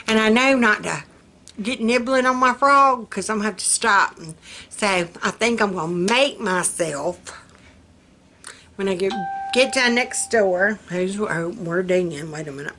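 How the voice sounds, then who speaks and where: A woman's voice: medium pitch, lively intonation, unhurried, sharp tone, slight background noise. An older woman, chatting casually to her viewers in a folksy way and laughing often at her own jokes. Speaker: vlogger. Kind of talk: casual chat to camera.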